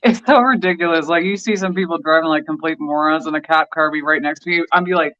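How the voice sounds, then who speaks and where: A man from Michigan trading stories in a casual bar chat, cussing freely. His voice sits high and comes across bright and tense. The recording sounds muffled and lo-fi. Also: fairly even intonation, quick pace. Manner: profane, blunt storytelling. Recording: dull lo-fi sound.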